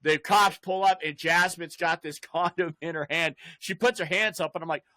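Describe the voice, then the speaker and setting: A man's voice: on the high side, steady tone, normal speed, no echo. A young man hosting a casual chat, telling wild stories with lots of swearing and laughing, acting out the people in them. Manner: profane, laughing, acts out cops in loud voices. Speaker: podcast host.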